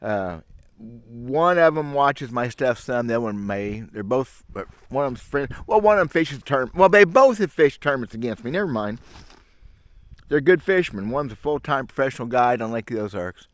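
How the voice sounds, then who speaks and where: A man's voice: mid-range voice, animated, moderate pace, dry recording. Grumbling folksy man, dry sound. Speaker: fishing channel host. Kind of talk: casual rambling monologue to camera. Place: outdoors in the woods. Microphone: camera mic.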